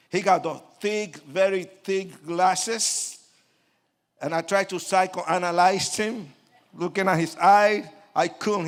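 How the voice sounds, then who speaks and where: An older man from Puerto Rico telling his life story dramatically to an audience, acting out quoted lines and joking with listeners. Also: on the high side. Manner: acts out quoted lines, swings from hushed to loud; jokes with the audience. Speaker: speaker giving his testimony.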